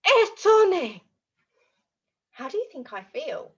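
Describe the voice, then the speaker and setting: A high, bright-toned woman leads a children's language lesson, her voice leaping up and down with each exaggerated feeling she acts out. She speaks slowly and clearly, with a slightly breathy edge. The recording sounds dull and lo-fi. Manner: animated, exaggerated expressions for young children. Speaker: children's French teacher.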